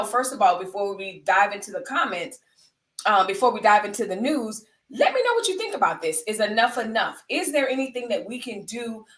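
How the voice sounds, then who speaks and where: Woman live-stream host, news commentary, emphatic and chatty, mid-pitched, echoey room, set back from the mic. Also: fairly bright tone, distant mic. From United States. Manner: emphatic, conversational, repeats points for stress. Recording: roomy sound, away from the mic.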